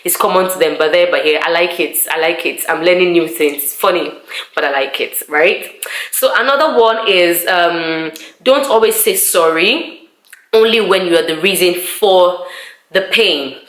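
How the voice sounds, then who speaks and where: A young woman from Nigeria chatting casually to camera in a vlog, animated and acting out conversations she recalls. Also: lowish voice, normal speed, echoey room. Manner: chatty, animated, acts out quoted exchanges. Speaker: vlogger. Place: living room of student family accommodation.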